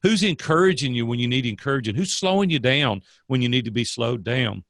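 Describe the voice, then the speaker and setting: An older man speaks with a gravelly edge in a dry, close sound. He tells stories earnestly and leans into life lessons like a preacher. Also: medium pitch, lively intonation, fairly quick, fairly bright tone, no echo. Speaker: guest, coach. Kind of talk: casual interview storytelling.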